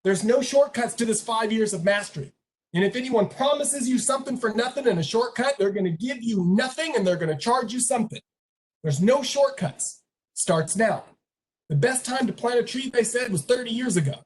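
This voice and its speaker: A speaker at a career meetup giving an animated motivational talk and retelling a story with acted voices. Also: mid-range voice, moderate pace, slight background noise.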